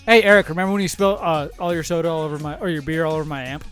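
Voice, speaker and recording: Man podcast co-host, high pitch, rowdy crude jokester, casual chat. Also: steady tone, racing, music in the background. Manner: loud, joking, crude banter. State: sweating from spicy snacks.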